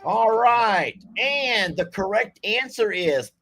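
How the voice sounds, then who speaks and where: A man's voice: a little high, big pitch swings, a little slow, husky. A man hosting a live game night stream, chatting in a folksy way and reading viewer comments aloud. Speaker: livestream game host.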